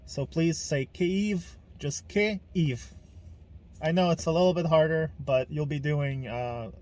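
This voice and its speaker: A man's voice: a little high, steady tone, normal speed, dark tone. Blunt man talking. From Ukraine. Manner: blunt, emphatic, swears freely. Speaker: podcast host. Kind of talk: casual monologue.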